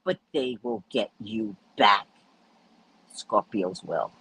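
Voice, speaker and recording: A woman's voice: expressive, slow pace, sharp tone, slightly rough, no room sound, rough recording. A woman host telling stories in a casual chat, blunt and profane, laughing often and acting out the dialogue. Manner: acts out dialogue with big pitch swings. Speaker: podcast host.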